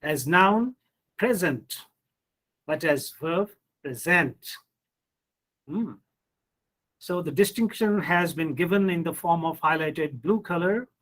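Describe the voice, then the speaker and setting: Indian English male professor, high voice, unhurried lecture with rhetorical questions. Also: fairly bright tone, rough recording. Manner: explains step by step, asks rhetorical questions, says hmm. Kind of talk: online pronunciation lecture.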